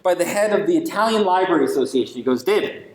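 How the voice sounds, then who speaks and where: A man with a high, expressive voice gives an invited public lecture at a university, speaking rapid-fire and a little mellow. He talks emphatically, using rhetorical questions and ironic asides, in an echoey lecture hall.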